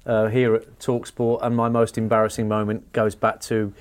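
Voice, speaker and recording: A man's voice: fairly low pitch, monotone, moderate pace. A man who is a sports radio presenter, telling a self-deprecating story on a comedy panel show.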